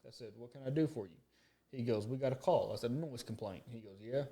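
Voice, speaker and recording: A podcast co-host tells a story in rapid, streetwise, profane chat. His voice sits at an ordinary middle pitch. He slips into the voices of the people in the story as he goes. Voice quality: profane, animated storyteller who acts out quotes.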